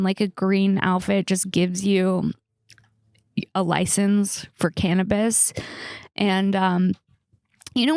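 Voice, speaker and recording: Young Californian woman, podcast host, rambling storyteller, vocal fry. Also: mid-range voice, no echo, clean studio sound. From Los Angeles area, United States. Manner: chatty storytelling with many fillers and restarts. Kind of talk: casual solo Q&A podcast.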